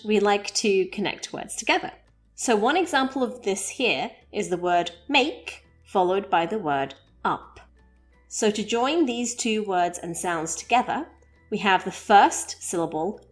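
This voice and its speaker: Woman teaching an English phrase. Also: mid-range voice. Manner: clear, slow model phrases for learners to repeat. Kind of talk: scripted English lesson.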